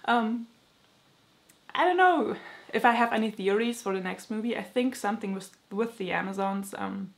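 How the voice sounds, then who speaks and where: A young woman vlogger in casual chat, rambling excitedly and using many filler words. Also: medium pitch, normal speed, gravelly. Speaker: book vlogger.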